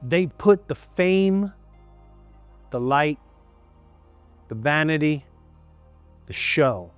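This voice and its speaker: A man's voice: a little high, lively intonation, very slow, clear, resonant tone, dry recording, soft background music. A male comedian recounting a story in an interview, emphatic and repetitive, sometimes dropping to a near-whisper.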